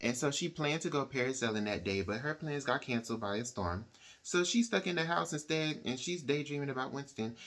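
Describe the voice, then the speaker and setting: A man of ordinary pitch recaps a book in an easygoing, conversational way. He strings events together with "like" and slips into the characters' voices as he goes. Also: lively intonation, brisk, fairly bright tone. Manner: chatty, uses "like" and "she's like" quotes. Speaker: book reviewer. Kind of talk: casual plot retelling.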